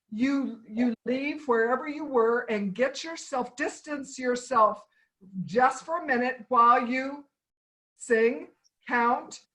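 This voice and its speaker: A woman's voice: fairly high pitch, fairly bright tone, low-quality recording. A woman trainer teaching anger management in an online session, instructive and stepwise, repeating key points for emphasis over a video call.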